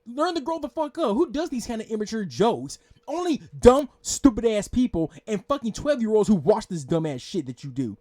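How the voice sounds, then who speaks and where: A man rants angrily into the mic, hurling curses and scolding. His voice sits high and swings widely in pitch as he berates the person he is reacting to. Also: very animated, normal speed. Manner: yelling, profane, scolding. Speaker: reaction channel host. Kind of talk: angry reaction rant.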